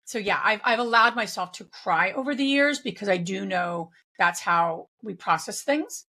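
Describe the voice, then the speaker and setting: A woman's voice: mid-range voice, animated, moderate pace, pushed and bright. A woman guest in a conversational interview, speaking reflectively with frequent restarts and fillers. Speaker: guest, real estate investor.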